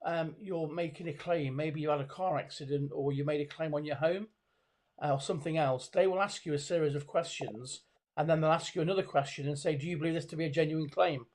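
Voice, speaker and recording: A middle-aged man with a somewhat high, darkish voice appears over a webcam as a body language expert in a conversational video call interview. He speaks fairly quickly but hesitantly, often restarting phrases and filling pauses with ums and you-knows.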